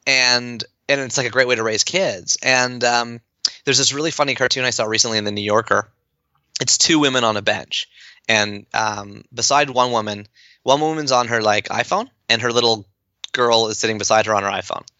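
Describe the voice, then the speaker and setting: A man talking as a podcast guest, animated and fast, with lots of fillers and restarts. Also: mid-range voice, no room sound, dull audio. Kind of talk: enthusiastic conversational interview.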